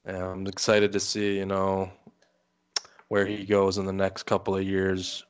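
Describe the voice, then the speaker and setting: A man co-hosting a podcast in casual chat, relaxed and hesitant, with lots of "um". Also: deep voice, unhurried, clear, resonant tone. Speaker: podcast co-host.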